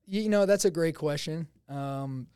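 A man's voice: a little high, unhurried, dark tone, smooth, no room sound. A man, a podcast guest chatting casually and confidently, laughing often. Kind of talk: casual chat. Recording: dry close studio sound.

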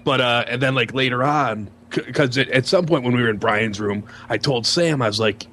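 A man telling an anecdote in casual chat, halting and full of ums and uhs. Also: mid-range voice, bright, forceful tone, slight background noise. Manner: halting, filler-heavy storyteller.

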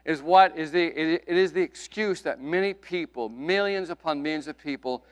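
A middle-aged man preaching a sermon with emphasis, his voice rising loud and dropping to a hush, with folksy asides. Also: a little high, normal speed. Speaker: pastor.

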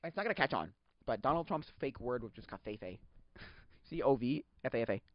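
A man hosting a podcast, chatting casually in a rambling, excitable way, laughing often and acting out quotes. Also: mid-range voice, brisk, no room sound. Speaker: podcast host. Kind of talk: casual solo chat. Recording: dull lo-fi sound.

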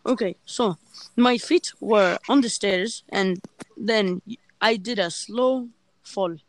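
A man's voice: sits high, slow, no echo, poor audio. A teenage boy, a podcast guest, arguing casually and speaking in a put-on accent. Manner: talks in a put-on accent, argumentative. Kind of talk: casual chat.

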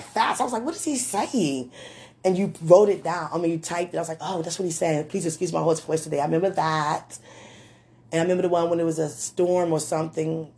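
A woman rambling through a personal message to a man, gushing and giggling often, with a slight lingering throat-clearing. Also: lowish voice, warm tone. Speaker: admirer speaking to a man on video.

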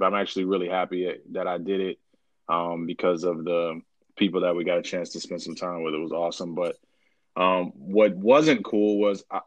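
Relaxed young male co-host, low voice, rambles with fillers, dry close sound. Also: no echo. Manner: laid-back, rambling with many fillers. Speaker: podcast co-host. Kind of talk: casual podcast chat.

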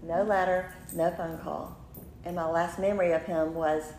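A podcast host in her fifties tells a personal story animatedly, laughing often and acting out what people said. Her voice is fairly low at normal speed, recorded in a roomy space with faint noise.

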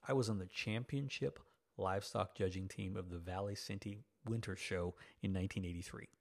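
Gravelly-voiced pastor preaching with folksy humor. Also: male voice, sits low, fairly even intonation, fairly quick, darkish tone. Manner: folksy, self-teasing asides between scripture readings. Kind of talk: sermon.

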